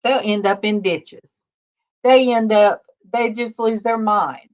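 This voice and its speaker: A middle-aged woman with a warm Southern US drawl speaks at an unhurried pace. Her voice is soft-spoken, and she chats casually on a livestream, greeting her viewers one by one. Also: mid-range voice, fairly even intonation, lo-fi sound. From Alabama, US South. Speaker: livestream host.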